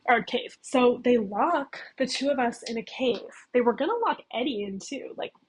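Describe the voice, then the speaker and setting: Husky-voiced chatty young woman. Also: a little high, normal speed, low-quality recording. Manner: chatty, heavy use of "like". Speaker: video essayist. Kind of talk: casual plot recap.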